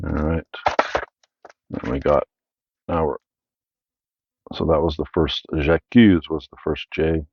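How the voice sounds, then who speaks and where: Very deep husky Canadian man. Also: flat delivery, slow, long pauses, dry recording, highs cut off. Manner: meandering, with frequent fillers and self-corrections. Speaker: film collector and channel host. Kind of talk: casual rambling tour of a film collection.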